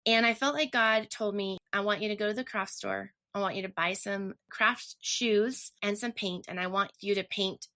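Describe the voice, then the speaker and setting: A woman's voice: medium pitch, fairly even intonation, moderate pace, few pauses, pushed and bright. A woman telling her personal story earnestly and emotionally, often restarting her sentences. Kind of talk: personal testimony.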